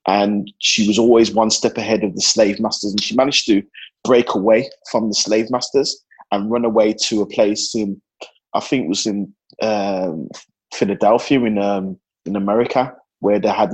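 A man in casual podcast chat, talking in an earnest, halting way with many repeated words. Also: on the low side, slightly rough, low-quality recording. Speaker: podcast co-host.

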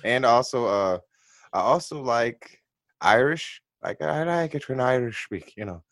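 A man's voice: medium pitch, expressive, unhurried, fairly bright tone, no echo. A man in a casual chat, playful and laughing often.

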